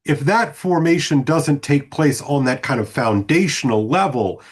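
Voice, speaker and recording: A man's voice: on the high side, measured pace, breathy edge. A man who teaches, talking as a podcast guest on a video call in a reflective, lecturing way with many restarts. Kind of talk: casual discussion on a video call.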